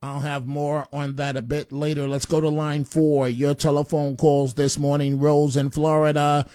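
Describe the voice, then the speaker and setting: A man's voice: fairly high pitch, level tone, moderate pace, dark tone, dry recording, studio quality. A man hosting a talk radio show, brash and opinionated. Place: radio studio.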